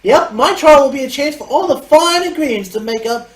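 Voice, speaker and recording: A man's voice: lively intonation, a little fast, reverberant. A man voicing a bubbly teenage girl captain and cook from a game, in a perky, squealing voice. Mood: cheerful. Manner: perky, squealing high put-on voice.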